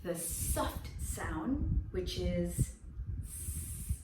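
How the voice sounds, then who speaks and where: A woman teaching a drama lesson to young children online, speaking in a slow, clear and encouraging way. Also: mid-range voice, animated. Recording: echoey room, mic at a distance, noisy.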